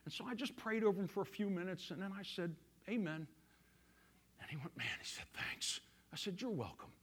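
A male pastor preaching a sermon, telling a story and swinging from loud emphasis to hushed quiet. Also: sits high, lively intonation, a little fast.

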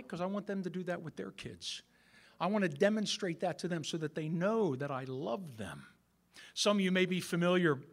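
Speaking with a high voice and some vocal fry, a sixty-something pastor preaches in an easygoing, conversational manner. He talks directly to the men in the room and mixes in self-deprecating humor.

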